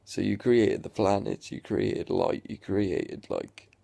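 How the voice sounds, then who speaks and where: Slow, gravelly young man ranting. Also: on the low side, dark tone, no echo. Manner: sweary, exasperated, sarcastic rant. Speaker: vlogger. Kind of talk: ranting reaction vlog.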